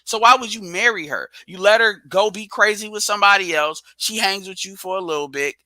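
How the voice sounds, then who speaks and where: A man with a fairly high, very bright and forceful voice, sharing blunt, slangy opinions in a casual reaction chat. The sound is dry and close, with no room around him. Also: fairly quick, no room sound, rough recording.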